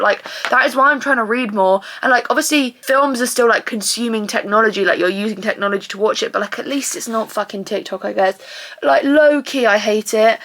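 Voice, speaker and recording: A woman, ranting exasperatedly in a vlog, swearing a lot and now and then breaking into shouts. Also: a little high. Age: 20s. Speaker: vlogger. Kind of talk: venting vlog rant.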